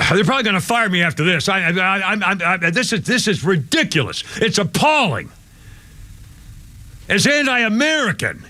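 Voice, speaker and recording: A man's voice: sits high, very animated, normal speed. A man hosting live talk radio, ranting in a heated, indignant way and repeating himself as he gets angry. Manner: apologizes for yelling. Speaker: radio talk show host.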